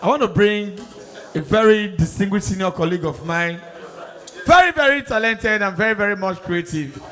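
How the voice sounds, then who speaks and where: A man's voice: high-pitched, lively intonation, normal speed, pushed and bright. A Nigerian man emceeing a comedy show, hyping up and introducing the next act. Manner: hyping, playful. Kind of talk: stage introduction.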